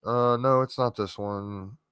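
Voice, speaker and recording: Bright, clear-voiced male commentator. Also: mid-range voice, steady tone, no room sound, clean studio sound. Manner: casual, halting, with many fillers. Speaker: commentary host. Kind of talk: reaction commentary.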